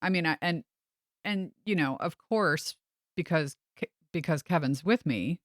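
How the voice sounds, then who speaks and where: A realtor who also hosts a podcast tells a story in a relaxed conversation, speaking low and at a measured pace. She's animated and acts out the voices of the people she quotes, and the studio recording is clean with no room sound.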